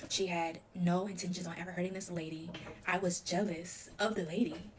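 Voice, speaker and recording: A woman's voice: on the low side, little pitch movement. A woman recounting her own past in a casual storytime confession, talking emotionally with lots of "like". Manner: rapid, emotional retelling full of "like".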